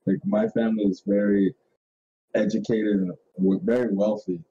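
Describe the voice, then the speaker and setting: A man's voice: lowish voice, fairly even intonation, normal speed, vocal fry, mellow, breathy edge, highs cut off. A man hosting a podcast in casual chat, ranting in a rambling, profane way and laughing often. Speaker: podcast host.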